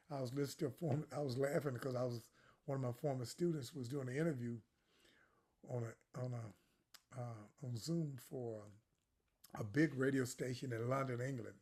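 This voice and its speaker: An older man leads a jazz workshop in a relaxed, chatty way. He wanders off on asides and laughs along the way. Now and then he sings short syllable phrases to show the rhythm. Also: medium pitch, slightly rough. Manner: demonstrates phrasing by singing syllables. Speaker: jazz educator. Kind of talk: lecture.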